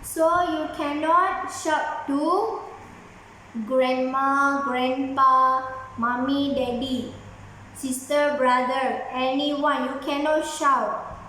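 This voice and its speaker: A woman's voice: high voice, fairly even intonation, extremely slow, pushed and bright, slight background noise. A woman schoolteacher, explaining a lesson patiently and repeating herself to coax young pupils. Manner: patient, repetitive, coaxing. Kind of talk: classroom lesson mixing Malay and English. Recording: very echoey room.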